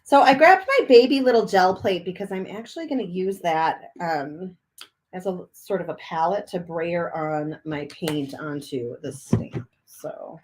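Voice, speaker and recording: There's a faint hiss or hum behind this woman's lowish, slightly mellow voice, and she takes her time. She's an art instructor working through a relaxed, upbeat journaling demo in a chilly space over a garage, chatting all the while with a cough drop in her mouth.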